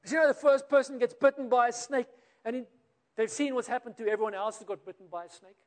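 A man with a South African accent preaching a sermon, telling a story and acting out the quoted voices, rising and then dropping to a quiet close. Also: very high-pitched, fairly even intonation, fast talker. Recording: long reverb of a large hall.

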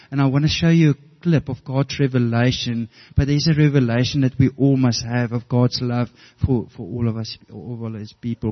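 Brief: middle-aged pastor, mid-pitched, earnest, storytelling sermon with restarts, muffled lo-fi audio. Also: male voice.

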